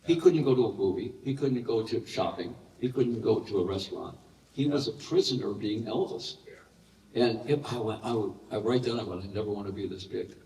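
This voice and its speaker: An older man telling animated anecdotes as a guest in a live question-and-answer session, breaking into laughter. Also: mid-range voice, normal speed. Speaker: interview guest. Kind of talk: storytelling in a live Q&A. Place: large hall with live audience. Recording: roomy echoey hall, heard from a distance.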